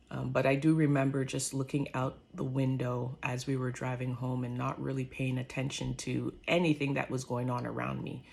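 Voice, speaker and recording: Low, gravelly woman reflecting earnestly. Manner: earnest, halting, many fillers. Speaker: speaker sharing a faith testimony. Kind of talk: reflective personal monologue.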